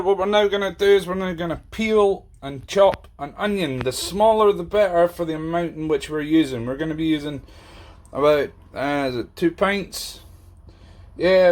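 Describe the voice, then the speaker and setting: A man's voice: fairly high pitch, normal speed, darkish tone. Chatty man with many fillers. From Scotland. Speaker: podcast host. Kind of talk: casual cooking video. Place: home kitchen.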